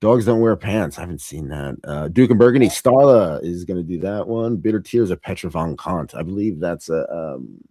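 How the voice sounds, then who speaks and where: Low-voiced rambling male host. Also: lively intonation, moderate pace, few pauses, warm tone, no room sound, clean studio sound. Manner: rambling, laughs often, trails off and restarts. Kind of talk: casual podcast chat about films.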